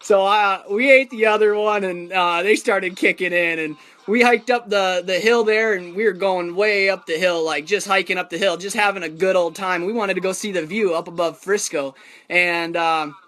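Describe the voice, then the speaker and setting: High-voiced man telling a rambling story. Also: moderate pace, fairly bright tone. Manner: rambling, filler-heavy, chuckling. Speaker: vlogger telling his own story. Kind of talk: casual storytelling.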